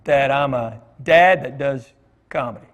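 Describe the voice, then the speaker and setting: A middle-aged man, a comedian, addresses a church congregation with conversational, joke-filled storytelling, complete with fillers and asides. His medium-pitched, fairly bright voice keeps a measured pace, echoing with long reverb through the large hall.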